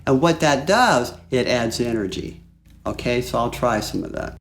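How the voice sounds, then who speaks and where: A man teaching flute in a relaxed, chatty way, walking through a piece and singing phrases aloud. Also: mid-range voice, normal speed, noisy background. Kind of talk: music lesson. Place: home studio.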